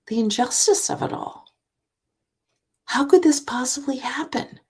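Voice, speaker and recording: A woman author giving a reflective self-help talk, asking herself rhetorical questions and often dropping into a soft, breathy near-whisper. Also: on the high side, measured pace. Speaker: author and divorce speaker.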